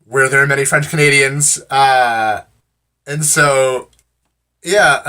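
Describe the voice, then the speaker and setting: An American man rambles through a casual story to camera, wry and amused, full of "I'm like" and other fillers. His voice is medium-pitched with a sharp tone, and he takes it slowly with long pauses.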